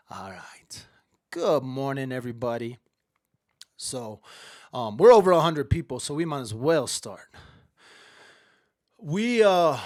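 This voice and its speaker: A man's voice: a little high, dry recording, studio quality. Chatty rambling man hosting a livestream. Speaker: livestream host. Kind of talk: casual livestream chat. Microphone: webcam or phone camera at close range.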